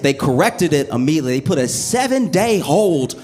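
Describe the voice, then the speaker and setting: A man telling a stand-up comedy bit with animated storytelling, the audience laughing along. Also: fairly high pitch, fairly quick, soft background music.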